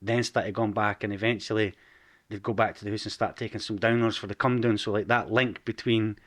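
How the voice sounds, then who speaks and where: A man's voice: lowish voice, fairly even intonation, fairly quick, a bit bright. A man in his forties with an Edinburgh Scottish accent, a podcast guest telling his story frankly and casually, swearing freely. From Scotland.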